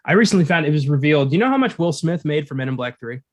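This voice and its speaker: A man chatting casually on a podcast with a lively, swinging pitch that sits a little high. He swears freely and laughs often between his points. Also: rapid-fire. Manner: profane, animated, laughs often. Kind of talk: casual chat.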